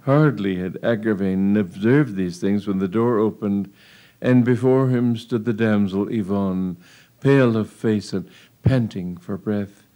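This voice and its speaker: A man's voice: on the low side, measured pace, warm tone. A man reading a humorous story aloud in a wry, amused storytelling manner. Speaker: narrator. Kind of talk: audiobook reading of a comic tale.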